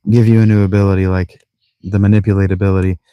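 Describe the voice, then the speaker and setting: A man's voice: low voice, level tone, fast talker, clean tone, dry recording, lo-fi sound. A man giving casual, rambling gaming commentary, cursing often and talking to himself. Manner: profane, rambling, talks to himself. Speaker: let's play streamer. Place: tent. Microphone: clip-on mic.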